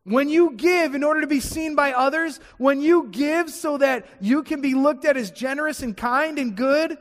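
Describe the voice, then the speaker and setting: A man with a notably high speaking voice preaches a sermon, driving his points home by repeating them. His voice rings out with a long reverb, as in a large sanctuary before a congregation. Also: moderate pace, a bit bright. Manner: emphatic preaching with repeated phrases. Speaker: pastor.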